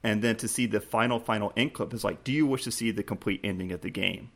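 A man's voice: lowish voice, fast. A man co-hosting a casual gaming podcast, retelling a game scene with lots of restarts and quoted prompts. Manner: animated storytelling, many restarts, acts out game prompts. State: choked up, laughing. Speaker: podcast co-host.

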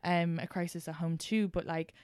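An animated young Irish woman chatting casually, full of stories and blunt swearing. Her voice sits in the middle of the range but comes across smooth and resonant, recorded dry and close with no room sound. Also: lowish voice, no echo. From Ireland. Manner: animated storyteller, swears freely, quick laughs. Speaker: podcast host and comedian. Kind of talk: casual chat.

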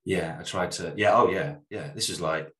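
Low-voiced guy from the west country, rambly and self-deprecating, echoey room. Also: normal speed, a bit bright. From South West England. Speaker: podcast co-host. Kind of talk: casual chat. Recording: roomy echo.

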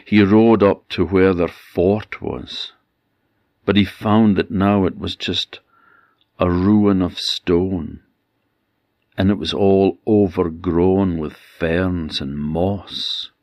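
A man with an Orkney Scottish accent telling a folktale in a gentle storyteller's cadence that likes to repeat itself. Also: sits low, fairly even intonation, slow pace, no echo, highs cut off. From Orkney Islands, Scotland. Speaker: traditional storyteller.

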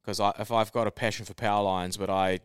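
Smooth, low-voiced man explaining on a podcast. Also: fast talker, no echo, clean studio sound. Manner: steady, explaining with examples. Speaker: podcast co-host. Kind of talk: casual podcast chat.

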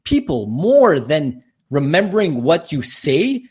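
A man's voice: fairly high pitch, very animated, takes it slowly, darkish tone, breathy edge. A man who works as a professional speaker and coach, answering questions as a podcast guest in an emphatic, motivational way. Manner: emphatic, motivational, talks in long runs.

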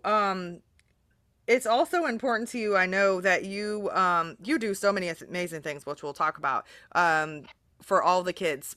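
A woman hosting a podcast, chatting casually in a rambling, earnest way full of fillers. Her voice is bright and forward. The sound is dry and close. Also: fairly low pitch, no echo. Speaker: podcast host. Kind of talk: casual interview chat.

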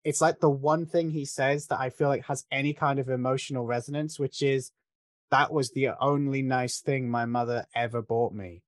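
A man's voice: medium pitch, steady tone, normal speed, no room sound, studio quality. Analytical man in casual film chat. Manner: thoughtful, analytical, with frequent restarts. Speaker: podcast co-host discussing a film.

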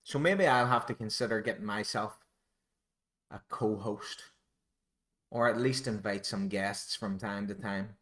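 A Northern Irish man talks through a solo podcast in a rambling, self-deprecating way, wandering from one thought to the next. His voice sits a little low and sounds bright and forceful. He speaks very slowly, taking his time. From Northern Ireland. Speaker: podcast host. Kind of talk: solo musing podcast monologue.

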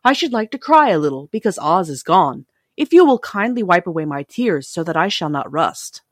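A woman voicing a gentle, tender-hearted tin man, speaking earnestly and formally in a storybook reading. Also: on the low side, big pitch swings, normal speed, no echo, studio quality. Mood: mournful. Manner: earnest, formal, a little louder.

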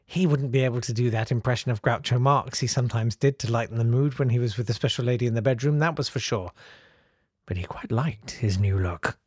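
Casting: podcast host, comic reading, dry close sound. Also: male voice, mid-range voice, a little fast, breathy edge, dry recording. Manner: breaks off into jokey asides.

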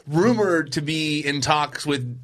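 Guy co-hosting a chat show, bright higher voice, laughs a lot and keeps restarting sentences. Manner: animated, quick to laugh, trails off and restarts. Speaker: podcast co-host. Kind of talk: casual chat.

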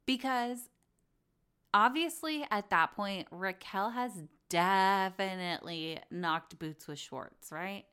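A woman in the middle range of pitch hosts a gossip podcast in loose, casual chat. She talks bluntly, swears freely and slips into little acted quotes of other people. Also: takes it slowly, sharp tone, clean tone. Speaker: podcast host.

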